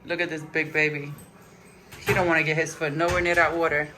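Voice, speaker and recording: A woman dog vlogger chatting casually, coaxing her dog in a soft voice and telling the story in lively slang. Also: low voice, fairly quick, noisy background. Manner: animated, swearing slang. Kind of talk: casual vlog chat.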